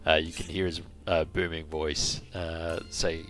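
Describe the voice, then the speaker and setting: Brief: a deep-voiced male game master narrating a fantasy scene with halting, filler-heavy delivery. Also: level tone, a bit bright, faint music behind.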